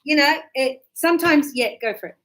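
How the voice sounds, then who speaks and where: High-voiced animated woman teaching English. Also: normal speed, slight background noise, low-quality recording. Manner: animated, acts out little example dialogues. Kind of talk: live classroom teaching.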